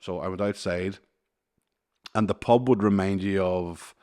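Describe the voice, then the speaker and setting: A man's voice: sits low, measured pace, clear, resonant tone. A man in his thirties, casually telling a long funny story on a podcast, swearing often and laughing as he goes. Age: 30s. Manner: animated, swears a lot, laughs mid-story. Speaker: podcast co-host.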